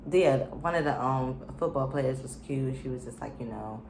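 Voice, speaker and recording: A woman's voice: very deep voice, moderate pace, a little mellow, reverberant, a little hiss or hum. A woman casually recapping a reality show, chatty and opinionated, with lots of fillers and slang.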